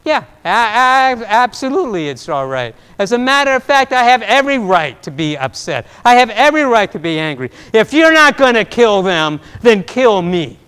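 A preacher voicing an indignant angry prophet. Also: male voice, mid-range voice, very animated, slow pace, creaky, bright, forceful tone, voice pushed down, exaggerated voice. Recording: long reverb of a large hall.

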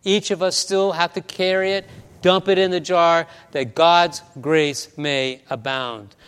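A man's voice: on the high side, steady tone, unhurried, a bit bright, clean tone, big-room sound. A man pastor preaching a sermon, telling a story with many stammers and restarts, in a church.

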